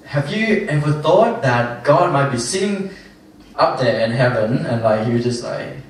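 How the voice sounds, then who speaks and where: A man's voice: medium pitch, animated, unhurried. A young man giving an informal youth sermon, rambling with lots of fillers and restarts. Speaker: youth speaker. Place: church hall. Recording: very echoey hall, from far off.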